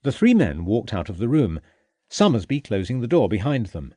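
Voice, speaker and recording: Expressive male audiobook narrator. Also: lowish voice, moderate pace, no echo. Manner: expressive, voices each character. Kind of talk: scripted narration.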